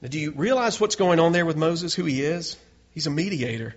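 A man's voice: fairly high pitch, lively intonation, a little fast. A male pastor preaching a sermon in an earnest way, building to emphatic peaks. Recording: dull lo-fi recording.

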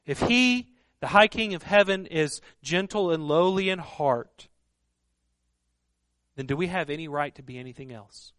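A man preaching a sermon in an earnest, emphatic way, often dropping to a hushed voice for stress. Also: on the high side, animated, unhurried, dry recording, clean studio sound. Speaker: pastor.

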